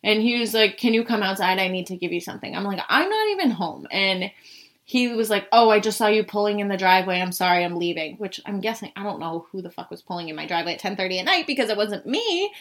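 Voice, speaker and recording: A young Boston-area woman talks fast in a mid-range voice, relaying a personal story in a relaxed, chatty way. "Like" fills her speech, and she swears from time to time.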